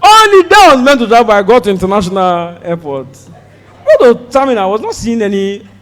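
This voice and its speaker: High-voiced, animated Nigerian comedian. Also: male voice, a little fast, in a large hall. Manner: animated, shouts and mimics voices while telling the story. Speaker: stand-up comedian. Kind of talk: stand-up comedy storytelling.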